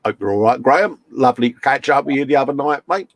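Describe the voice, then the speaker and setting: A man's voice: medium pitch, expressive, fast, no room sound. A man co-hosting a casual live stream, chummy and joking as he reads out chat comments. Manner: chummy banter, reads chat messages aloud.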